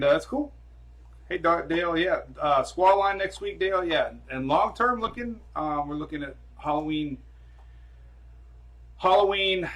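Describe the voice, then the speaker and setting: A man's voice: a little high, fairly bright tone. A man hosting a casual weather live stream from home on his phone camera, rambling and chatty as he talks to viewers and his dogs.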